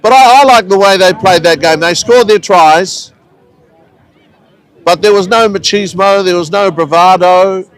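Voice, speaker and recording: High-voiced New rugby commentator. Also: male voice, unhurried, smooth, low-quality recording. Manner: easygoing, chatty play-by-play with local asides. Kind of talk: live sports commentary. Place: outdoors at a rugby ground.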